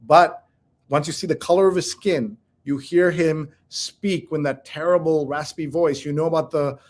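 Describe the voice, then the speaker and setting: A man co-hosting a casual talk show, opinionated and animated, who reads headlines aloud and reacts with blunt commentary. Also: a little high, moderate pace. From India. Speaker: co-host. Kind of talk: casual chat.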